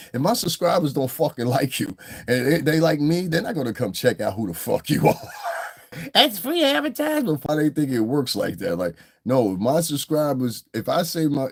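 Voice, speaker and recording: A man's voice: lowish voice, creaky, darkish tone, slightly rough. A man in a casual livestream rant, talking in a blunt, heated, profane way as the show's commentator.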